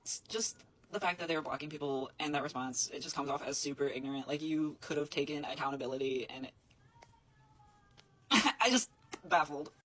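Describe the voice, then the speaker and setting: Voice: mid-range voice, moderate pace, a bit bright, low-quality recording. A social media commentator in a played clip, rattling through quoted statements bluntly and indignantly, breaking into scoffing laughs. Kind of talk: fast spoken commentary video.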